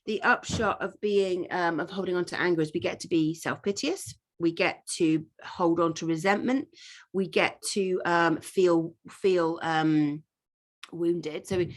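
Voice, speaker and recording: A woman's voice: on the low side, measured pace. A woman, leading an informal masterclass as a life coach, talking in an earnest, rambling way with many fillers, restarts and the odd swear word.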